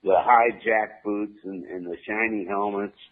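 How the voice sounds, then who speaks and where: A man co-hosting a radio show, telling stories in a slow, drawn-out way with many fillers. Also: fairly low pitch, fairly even intonation. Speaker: radio co-host. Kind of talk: casual radio chat. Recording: tinny phone-like radio line.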